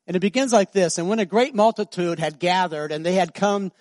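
A male pastor preaching a sermon, swinging between soft, slow passages and loud, emphatic high-pitched stretches. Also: dry recording, clean studio sound.

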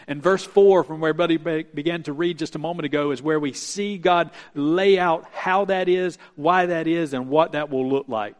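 A man delivers a sermon from the pulpit in a voice pitched a little high. He preaches earnestly, slowing his pace to press home each point. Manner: earnest preaching with emphatic slowdowns. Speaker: pastor.

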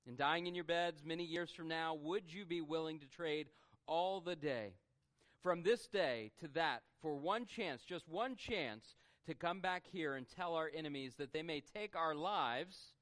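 A man's voice: a little high, measured pace, a bit bright. A man quoting a defiant male warrior leader rallying his troops, declaiming without a brogue. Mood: rousing.

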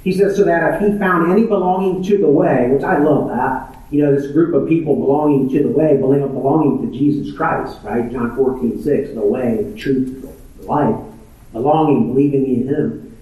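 A man's voice: on the high side, darkish tone. A man preaching a sermon, emphatic and fond of repeating phrases for stress. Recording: very echoey room, distant mic.

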